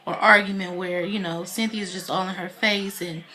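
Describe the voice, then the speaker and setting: A woman's voice: on the low side, steady tone, normal speed, pushed and bright, a little hiss or hum. A woman giving a casual spoken recap of a reality TV episode, retelling scenes in a chatty way with many fillers. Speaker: TV reality show reviewer.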